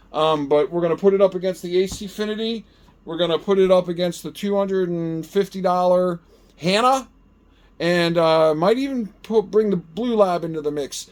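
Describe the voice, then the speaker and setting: A middle-aged man hosting a gardening vlog, chatting casually and animatedly as he tests a gadget. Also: sits high. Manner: chatty and animated, talks to himself while testing. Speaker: gardening channel host. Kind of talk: casual product-testing vlog.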